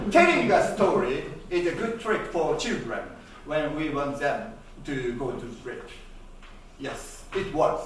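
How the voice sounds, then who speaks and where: A man's voice: on the high side, very animated, takes it slowly, very noisy. A man with a Japanese accent telling a comic story on stage, playful and self-mocking. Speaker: rakugo storyteller. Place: theater stage. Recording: echoey theater, mic far off.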